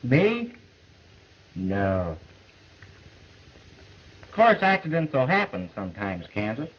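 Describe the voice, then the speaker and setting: Young cowboy, drawly and short with words, lively pitch, muffled old film sound. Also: male voice, slow pace, breathy edge, full character voice. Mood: guarded. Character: young undercover cowboy man, cool and guarded. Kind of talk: 1930s film acting.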